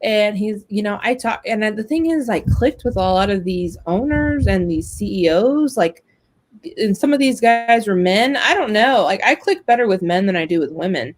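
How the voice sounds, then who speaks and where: A woman's voice: mid-range voice, animated, moderate pace, rough recording. A woman hosting a casual web talk show, telling a long story about job hunting, chatty and full of fillers. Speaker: host. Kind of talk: casual chat.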